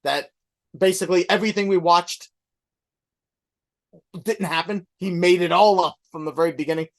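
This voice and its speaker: A middle-aged man co-hosting a podcast, speaking casually with many pauses and restarts. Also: high-pitched. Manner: hesitant, many ums and restarts. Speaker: podcast co-host. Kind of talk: casual chat.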